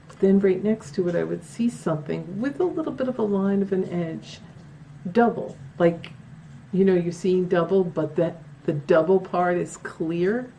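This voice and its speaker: A woman's voice: lowish voice, measured pace, dark tone, a little hiss or hum. A woman telling her own paranormal stories at home in a casual, chatty way, with many fillers and acted-out quotes. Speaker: paranormal vlogger. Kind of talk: casual storytelling to camera. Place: at home, near a bedroom.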